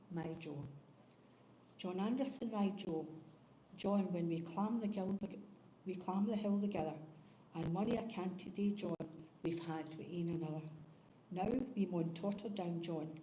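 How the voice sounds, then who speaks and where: A woman reading a poem at a memorial service, gently explaining the old words first. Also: on the low side. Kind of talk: poetry reading at a funeral. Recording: echoey hall with faint noise.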